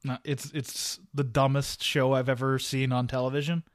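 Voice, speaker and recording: A man's voice: medium pitch, little pitch movement, moderate pace, no echo, clean studio sound. A man co-hosting a casual chat podcast, bantering in a wry, playfully contrary way. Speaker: podcast co-host.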